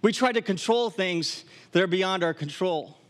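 A middle-aged man from Wisconsin preaching a sermon in an animated, humorous way, with acted asides. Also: high voice, moderate pace. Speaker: pastor. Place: camp gathering hall.

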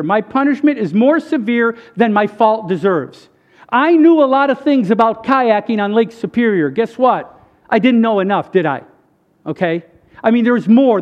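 Earnest high-voiced man giving a testimony. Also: dull audio. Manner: earnest, emphatic, addresses the crowd directly. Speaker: speaker sharing a faith testimony. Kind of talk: conversational sermon testimony.

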